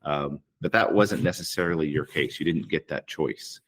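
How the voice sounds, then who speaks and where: Super deep-voiced guy hosting an interview, kinda halting, repeats words. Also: fairly bright tone, slight background noise. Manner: halting, repeats words while framing questions. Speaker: podcast host and interviewer. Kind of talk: conversational interview questions.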